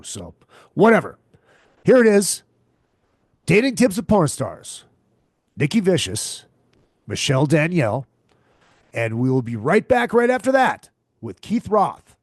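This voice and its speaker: A man's voice: fairly high pitch, darkish tone, no room sound, studio quality. A man hosting a podcast, ranting in a crude, profane and exasperated way, repeating himself often. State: tired and hungover. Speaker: podcast host. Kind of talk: crude comedic rant.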